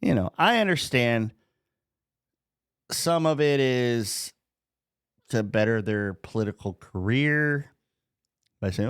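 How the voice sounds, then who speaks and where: A man's voice: medium pitch, expressive, takes it slowly, long pauses, smooth, dry recording, studio quality. A man hosting a casual podcast, joking, laughing often and swearing as he talks. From North Dakota. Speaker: podcast host.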